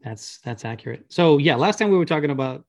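A man's voice: a little high, expressive, fast. A man co-hosting a casual podcast, making wry, sarcastic asides that often trail off into a mumble. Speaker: co-host.

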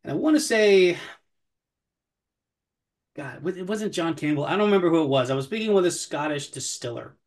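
A man's voice: a little high, lively intonation, fairly quick, long pauses. A man co-hosting a casual podcast, talking whiskey in a sarcastic, profane and mock-threatening way. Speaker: podcast co-host, whiskey commentator.

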